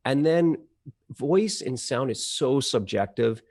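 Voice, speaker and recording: In a conversational interview, the guest, a voice-over marketplace CEO and trained audio engineer, explains at length in a chatty way, restarting often and using many fillers. He takes it slowly, his medium-pitched voice expressive and a little mellow.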